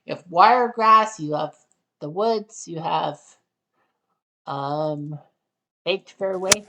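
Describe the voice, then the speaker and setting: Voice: medium pitch, slow pace. A commentator calling shots in a golf game casually, blurting out reactions and the odd swear. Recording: loud crowd and game noise behind the voice. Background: loud crowd and game sound effects.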